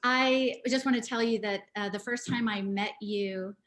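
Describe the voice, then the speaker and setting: A woman's voice: medium pitch, steady tone, moderate pace, a bit bright. Brief: woman, mid-range voice, heartfelt tribute, video call from home. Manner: earnest, with frequent ums. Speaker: party guest. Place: her home.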